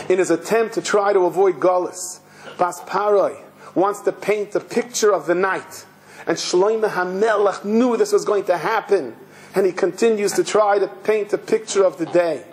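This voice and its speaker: Male rabbi, high voice, emotive sermon storyteller who repeats phrases. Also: poor audio.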